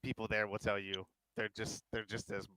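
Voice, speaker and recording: A man's voice: fairly low pitch, level tone, moderate pace, sharp tone, clean tone, no echo, low-quality recording. A man in voice chat on a gaming stream, eagerly explaining a game at length in casual talk. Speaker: guest in voice chat.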